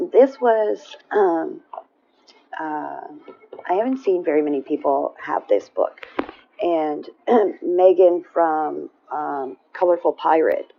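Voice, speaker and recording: Low-voiced chatty woman, lo-fi recording. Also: expressive, slow. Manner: chatty, rambling, frequent throat clearing and fillers. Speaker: coloring vlogger. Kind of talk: casual show-and-tell chat.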